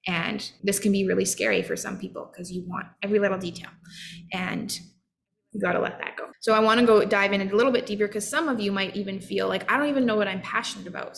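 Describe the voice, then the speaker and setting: A woman's voice: mid-range voice, steady tone, fast talker, creaky, fairly bright tone, slight background noise. A woman in her thirties giving an earnest, encouraging motivational talk as a self-help coach. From Canada. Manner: earnest, encouraging, acts out short quoted voices.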